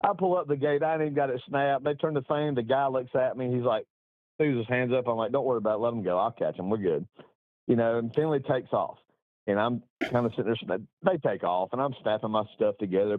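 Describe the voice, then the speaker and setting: Here a middle-aged man with a medium-pitched voice shares a long racing story as a guest, casual and rambling. He's salty and self-mocking, laughing at himself often, and the recording is dry and thin, like a phone line.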